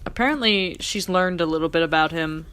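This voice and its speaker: A woman's voice: fairly low pitch, brisk, a bit bright, clear, resonant tone. A young woman co-hosting a podcast, chatting casually and gushing over a TV episode while acting out quoted lines. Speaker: podcast co-host. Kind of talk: casual chat recapping a TV episode.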